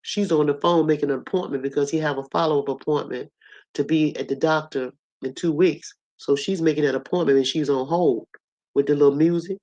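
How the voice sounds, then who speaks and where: A hoarse woman with a cough, telling a story to her audience in a blunt, colorful, animated way. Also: low voice, a little fast, highs cut off. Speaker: host.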